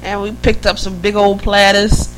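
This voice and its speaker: A woman's voice: medium pitch, flat delivery, moderate pace, low-quality recording. Chatty woman podcaster, faint hum. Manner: chatty and rambling, laughs easily. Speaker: podcast co-host. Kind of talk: casual chat.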